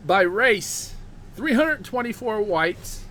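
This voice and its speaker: Casting: male host with a high voice, cursing through a fired-up rant, tripping over repeated words. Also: expressive, drawn-out words, fairly bright tone, a little hiss or hum. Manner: heated, profane, repeats words when worked up. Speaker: show host. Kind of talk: profane ranting monologue.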